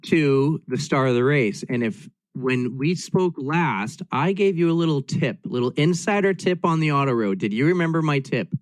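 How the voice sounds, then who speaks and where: A man's voice: a little high, expressive, normal speed, few pauses, no echo. A man interviewing a runner casually, friendly and asking questions.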